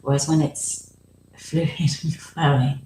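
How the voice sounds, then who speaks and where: A woman with a notably low voice speaks thoughtfully, pausing to find her words. The room is echoey, and a faint hiss sits behind her. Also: fairly even intonation, dark tone. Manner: reflective, searches for words with ums. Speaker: podcast co-host. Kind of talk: casual conversation. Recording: roomy echo with faint noise.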